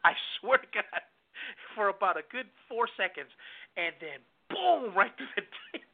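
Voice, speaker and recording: Guy with a pretty high voice on a tinny phone line, telling a wrestling story, laughing lots, all dude and bro. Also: brisk, vocal fry. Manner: animated, laughs often, says "dude" and "bro". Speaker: guest wrestler. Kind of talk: casual storytelling.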